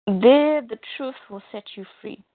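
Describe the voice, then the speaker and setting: A woman's voice: on the high side, measured pace, no room sound, natural voice. A woman voicing an earnest plant creature. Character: gentle plant creature in a man's body. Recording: tinny phone-like dry sound.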